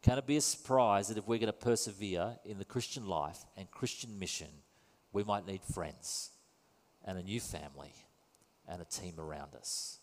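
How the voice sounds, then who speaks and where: A pastor preaches a sermon in church, conversational, wry and self-deprecating in tone. His voice is low and his pace normal, with long reverb from the church hall.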